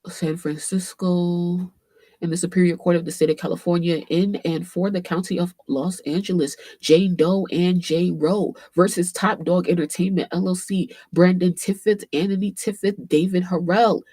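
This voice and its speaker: A woman hosting a casual commentary livestream, animated and swearing freely, with AAVE speech and frequent fillers. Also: fairly low pitch, normal speed, hardly any pauses, slightly rough, no room sound. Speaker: livestream host.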